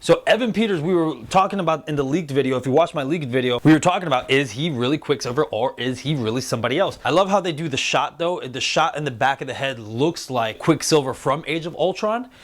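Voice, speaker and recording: Excitable man hosting a casual review. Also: a little high, quick pace, hardly any pauses. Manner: excitable, animated retelling with quoted voices. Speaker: show host reviewing a TV series.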